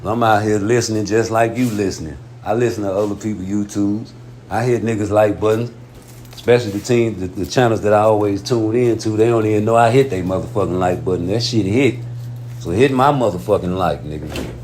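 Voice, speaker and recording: A man's voice: a little fast, a little mellow, a little hiss or hum. A male host rambling in casual commentary, loose and profane. He leans hard on his points, and his voice climbs sharply when he gets heated. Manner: profane, emphatic, jumps high when heated. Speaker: show host.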